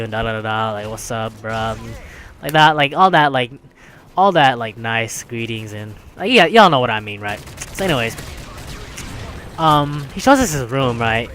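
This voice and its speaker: A man's voice: mid-range voice, a bit bright, a little hiss or hum. A young man telling a casual story, rambling and filling it with "like" and "right?", with music behind. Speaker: vlogger.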